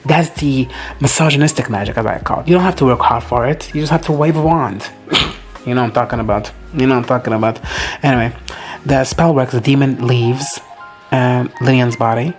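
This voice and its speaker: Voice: mid-range voice, fairly quick, faint music behind. A host giving a casual, profane reaction recap, gushing and quoting characters in playful asides.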